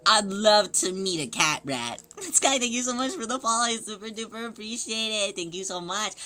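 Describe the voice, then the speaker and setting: A woman livestreamer chatting casually with her viewers, excitable and gushing as she greets people in chat. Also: medium pitch.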